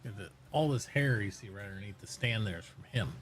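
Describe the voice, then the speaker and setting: A man streaming casually from home, chatting and talking fondly and softly to his dog. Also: lowish voice, lively intonation, fast, soft background music, poor audio. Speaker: live streamer. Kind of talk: casual chat while streaming.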